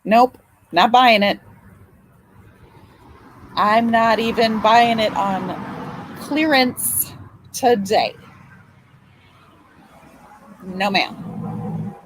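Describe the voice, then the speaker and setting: Woman host, grandmother, casual live chat, drawn-out unhurried delivery, heartfelt and talkative. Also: a little high, husky, low-quality recording. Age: older. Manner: emotional, chatty, swears and apologizes. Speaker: livestream host.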